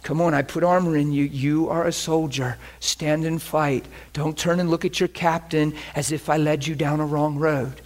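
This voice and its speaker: God the steady captain, firm and urging, played by a male preacher. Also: a little high, moderate pace, hardly any pauses, natural voice. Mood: exhorting. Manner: firm, exhorting. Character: God as a calm commander urging a soldier.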